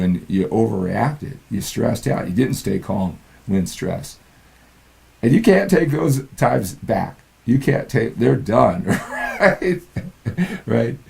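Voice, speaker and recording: A man's voice: fairly low pitch, vocal fry, a little mellow. An older man giving an earnest motivational talk as a fitness and mindset coach, often checking in with the listener. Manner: earnest, peppers lines with "right?".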